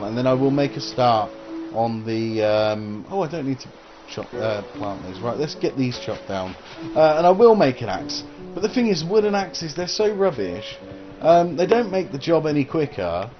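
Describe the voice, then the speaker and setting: Rambling man, dull lo-fi recording. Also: medium pitch. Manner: rambling and hesitant, full of uh and um. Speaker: gaming channel host. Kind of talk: casual gameplay commentary.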